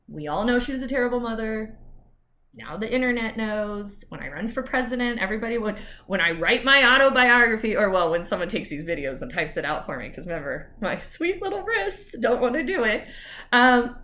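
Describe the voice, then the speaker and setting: A woman's voice: fairly high pitch, big pitch swings, fairly quick, pushed and bright. A woman lawyer talking candidly to camera in a personal vlog, chatty with asides.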